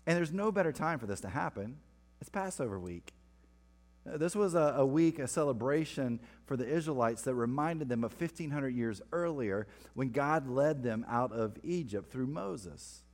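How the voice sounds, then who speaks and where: A man's voice: medium pitch, lively intonation, moderate pace, darkish tone. A man preaching a sermon, reading scripture and breaking off for playful asides. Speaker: pastor. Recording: long reverb of a large hall.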